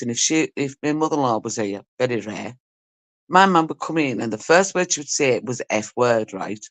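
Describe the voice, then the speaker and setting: A middle-aged woman from Britain hosting a live stream, telling stories in casual chat and mimicking the people in them. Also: low-pitched. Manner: chatty and storytelling, mimicking people she talks about.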